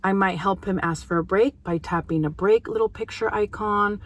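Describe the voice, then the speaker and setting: Earnest woman behavior analyst advising parents. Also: medium pitch. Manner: earnest, warm-hearted advocacy with emphatic pauses. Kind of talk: casual educational talk to parents.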